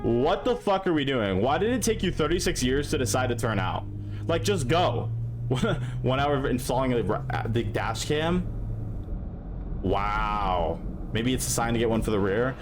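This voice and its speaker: A man's voice: mid-range voice, expressive, a little slow, noisy background. A man reacting to dashcam clips for his stream, casual and profane, scolding the drivers on screen. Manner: profane, exasperated, talks straight to the drivers.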